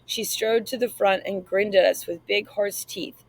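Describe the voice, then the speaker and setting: A woman reading an audiobook aloud, narrating in the first person in a measured, reflective way. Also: medium pitch, steady tone, low-quality recording.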